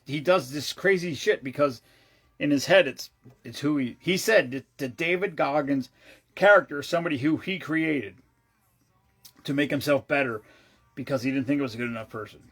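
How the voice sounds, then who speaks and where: A man vlogging, telling a long rambling story in a casual, excitable way, swearing freely and often restarting his sentences. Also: fairly high pitch, moderate pace.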